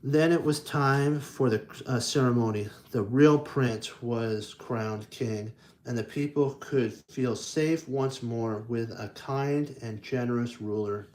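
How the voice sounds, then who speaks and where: A man reading children's picture books aloud at a slow, unhurried pace. He stumbles and restarts often, stops to point out the pictures, and throws himself into the sound effects. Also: medium pitch, a little mellow. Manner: halting, with frequent restarts and self-corrections; enthusiastic, playing up sound effects. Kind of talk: casual read-aloud with commentary.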